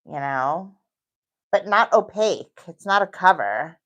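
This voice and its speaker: A middle-aged woman with a New York accent talks her way through a nail tutorial in a relaxed, chatty manner. Her voice sits a little low and she reassures the viewer as she works. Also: unhurried. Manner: chatty, reassuring, thinks aloud while working. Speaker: nail technician. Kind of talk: casual tutorial talk.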